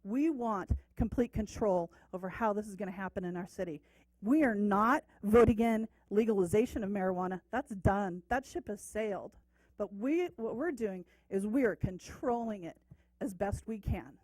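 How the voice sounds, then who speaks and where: A woman's voice: mid-range voice, normal speed, a little mellow, no room sound, poor audio. A middle-aged woman on a city council addresses the public from the dais. She speaks emphatically and insists on her points, often repeating them for force. Her voice comes through a desk microphone with a dry, close sound. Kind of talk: speech at a council meeting. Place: council chamber, seated at the dais.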